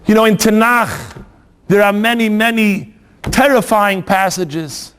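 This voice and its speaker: High-voiced male preacher telling a story. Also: unhurried, fairly bright tone, smooth. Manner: dramatic, asks rhetorical questions. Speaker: rabbi. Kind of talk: sermon storytelling. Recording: long hall reverb.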